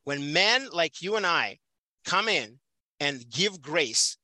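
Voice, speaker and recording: Bright, emphatic man from the Soviet Union. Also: fairly high pitch, sing-song, slow, dry recording, rough recording. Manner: emphatic, passionate, repeats for stress. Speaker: podcast guest, prison volunteer teacher. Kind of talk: casual conversational interview.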